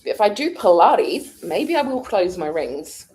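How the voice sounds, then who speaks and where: A British woman vlogger chats with her audience in a relaxed way, breaking into laughter as she thinks aloud. Her voice sits low but moves through a lively, animated range. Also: unhurried. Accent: British English. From United Kingdom. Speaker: vlogger answering a live chat. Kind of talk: casual chat.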